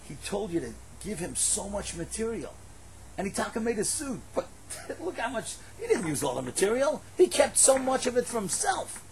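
A man's voice: high voice, sing-song, normal speed, vocal fry, a little hiss or hum, pitched above the performer's own voice, exaggerated voice. A man voicing a spiteful queen in a told story, speaking in a sly, confiding way. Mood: scheming.

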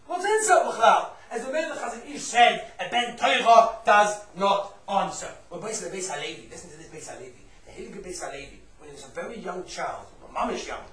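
A man giving a Torah class, telling stories in an animated way, sprinkling in Yiddish and Hebrew terms and bursting into loud emphasis. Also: high voice, fairly quick, hardly any pauses, a little hiss or hum. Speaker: Torah teacher. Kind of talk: lively storytelling Torah class. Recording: roomy echo, distant mic.

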